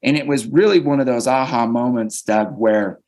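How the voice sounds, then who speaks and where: A man's voice: mid-range voice, normal speed, a little mellow. A man speaking as a guest on a leadership podcast, earnest and reflective, often restarting his sentences. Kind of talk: conversational interview.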